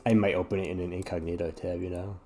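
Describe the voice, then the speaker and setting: A man's voice: deep voice, flat delivery, fast, dark tone, a little hiss or hum. A sleepy man chatting casually while playing a puzzle game, rambling, apologetic and swearing often. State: yawning, sleepy. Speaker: gaming streamer.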